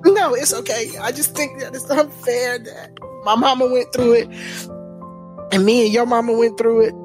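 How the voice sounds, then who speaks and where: A woman's voice: fairly high pitch, fairly even intonation, normal speed, soft background music. A young adult woman hosting and narrating, speaking in an earnest, protective and emotional way with family. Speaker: host and storyteller.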